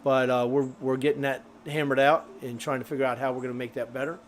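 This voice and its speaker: A man's voice: medium pitch, little pitch movement, fast, a little hiss or hum. A man hosting a grilling live stream. He chats loosely with lots of fillers while reading viewer comments, and he is a bit out of breath. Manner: loose and rambling, with many fillers.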